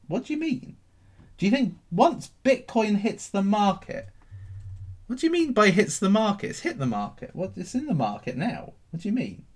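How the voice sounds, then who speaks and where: Animated man hosting a stream. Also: high-pitched. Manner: animated and cheeky, swinging between loud bursts and mutters. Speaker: crypto livestream host. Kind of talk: casual livestream chat, answering viewer questions.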